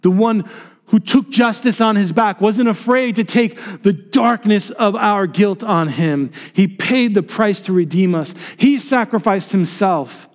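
A man delivers a passionate sermon in a fairly high voice. He swings between fervent declarations and hushed, low emphasis. The sound carries a long hall reverb. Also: unhurried. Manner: impassioned preaching, drops to soft low tones for emphasis. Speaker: pastor.

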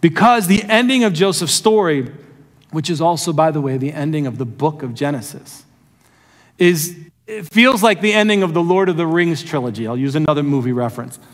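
A man preaching in a storytelling manner, his fairly high voice lifting even higher when he acts out what people said. The sound carries a long reverb, as from a large church hall. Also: a little fast. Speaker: pastor. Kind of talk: sermon.

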